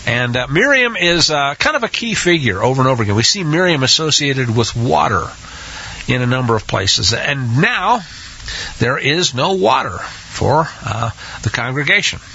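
Bright, lively man teaching scripture. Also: mid-range voice, normal speed, creaky, husky. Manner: hesitant, many restarts, acts out quotes. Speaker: Bible teacher. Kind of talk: scripture study talk. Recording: dull lo-fi recording.

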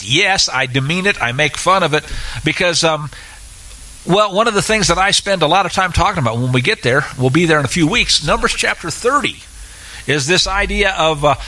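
A man teaching through Scripture in an animated, sarcastic way, with many filler uhs. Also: fairly high pitch, low-quality recording. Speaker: Bible teacher. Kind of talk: expository Bible teaching.

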